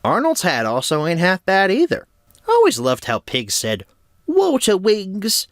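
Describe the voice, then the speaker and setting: Laid-back joking guy with a lively voice. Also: fairly high pitch, moderate pace, no echo, clean studio sound. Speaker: cartoon reviewer. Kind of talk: casual video review.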